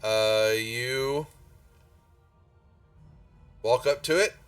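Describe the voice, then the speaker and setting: A man narrating as game master in a tabletop game, speaking in a halting way with many restarts. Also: medium pitch, clear, resonant tone, dry recording, distant mic, soft background music.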